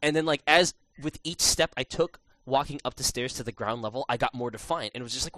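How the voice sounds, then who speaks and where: A man hosting a podcast, telling an animated story in casual chat, with many restarts and fillers. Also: medium pitch, fast talker, few pauses. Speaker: podcast host.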